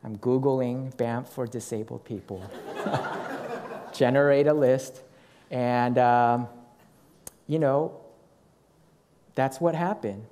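A middle-aged man preaching, telling a personal story in an animated way and acting out what people said. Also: medium pitch, slow pace, pauses often, slight background noise. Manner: animated storytelling with acted quotes. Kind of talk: sermon storytelling.

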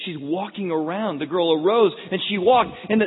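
A man preaching a sermon, retelling the scene dramatically and swinging from hushed tones to loud outbursts. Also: high-pitched, normal speed, few pauses, slightly rough. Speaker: pastor. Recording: echoey hall over a tinny phone-like line.

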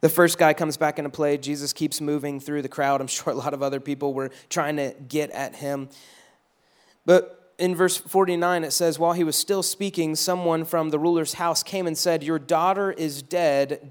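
Animated man preaching a casual sermon. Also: on the high side, normal speed. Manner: conversational, animated, acts out crowd voices. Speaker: pastor.

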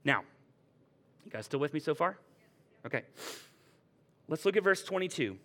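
A male pastor giving a conversational, lively sermon with playful retellings. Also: on the high side, normal speed.

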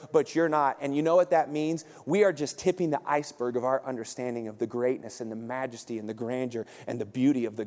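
A pastor in his forties preaching a sermon in a lively, joking way, often acting out quotes. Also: a little high. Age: 40s. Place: church auditorium. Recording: reverberant hall.

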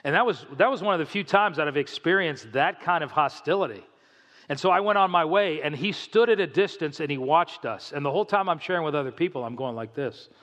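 A pastor delivering a sermon, telling stories with animation and acting out the voices of the people in them. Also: male voice, a little high, a little fast, long reverb tail. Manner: animated storytelling, acts out quoted voices.

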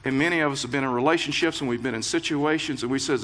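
Bright-voiced man preaching a sermon. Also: medium pitch, fast talker. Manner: earnest preaching with playful asides, rising emphasis and repetitions. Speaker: pastor.

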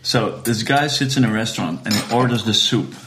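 A man hosting a podcast, chatting casually in a relaxed, playful way and laughing easily. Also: fairly low pitch, a little fast. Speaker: podcast host.

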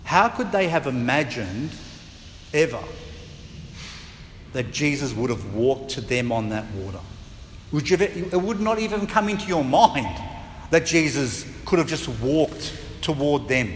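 A man preaching a sermon as pastor, chatty and lively, now and then acting out voices with a laugh. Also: mid-range voice, unhurried, big-room sound, a little hiss or hum. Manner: conversational, acts out voices and laughs.

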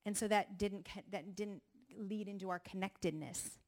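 Animated middle-aged woman telling a story. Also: mid-range voice, moderate pace. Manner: animated storyteller, acts out quoted voices. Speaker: speaker at a ministry gathering. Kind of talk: personal testimony talk.

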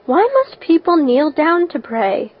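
Brief: an eager, chatty, imaginative orphan girl, as a woman reader puts her on. High-ish, dull recording. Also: very animated, measured pace. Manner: eager, talkative, dreamy.

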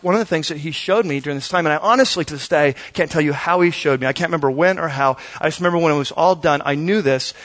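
A man's voice: on the high side, a bit bright. A male pastor preaching a sermon in a conversational, storytelling way, acting out bits of dialogue.

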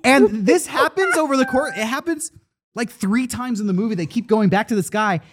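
A man co-hosting a casual podcast chat, animated and profane, who imitates other people's voices while retelling a story. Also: very high-pitched, brisk. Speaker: podcast co-host.

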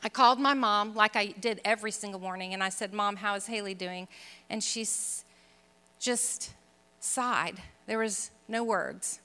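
A woman giving a personal testimony, telling her story earnestly and dropping to a soft hush at painful moments. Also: mid-range voice, unhurried. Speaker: speaker sharing her testimony. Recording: long reverb of a large hall.

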